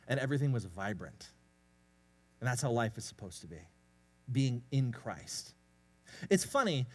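Lively, casual young male preacher. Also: fairly high pitch. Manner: casual, self-deprecating, animated storytelling. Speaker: pastor. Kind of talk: sermon.

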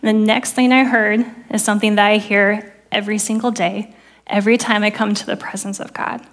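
Woman, 30s, church speaker; earnest testimony storytelling, hushed on quoted prayers. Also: medium pitch, flat delivery, fairly quick. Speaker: preacher sharing testimony. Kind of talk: sermon testimony.

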